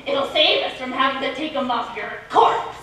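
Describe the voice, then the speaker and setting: A woman's voice: high-pitched, moderate pace, fairly bright tone. A teenage girl playing a cruel, gleeful wicked witch on a school stage, with cackling, sudden shrieks and theatrical delivery. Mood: gloating. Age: teens. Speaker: student actor in a school musical. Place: large school auditorium stage. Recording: echoey auditorium from far off, faint hiss.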